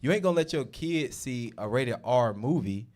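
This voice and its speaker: Male host, informal explainer, emphatic, lively pitch. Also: normal speed. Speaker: show host. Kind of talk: casual teaching discussion.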